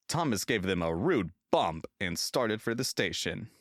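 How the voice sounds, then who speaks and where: A man reading a children's railway storybook aloud in an expressive, sing-song narrating style. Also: low-pitched, slow pace, few pauses, dry recording, clean studio sound.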